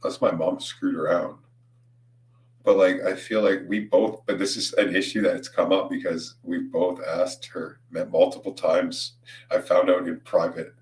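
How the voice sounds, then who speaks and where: Young male streamer, very low voice, stoned and rambling, recorded roomy and off-mic. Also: level tone, measured pace, a little mellow, distant mic. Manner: rambling, laughing, swears a lot, says "dude". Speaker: livestreamer. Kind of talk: casual livestream chat.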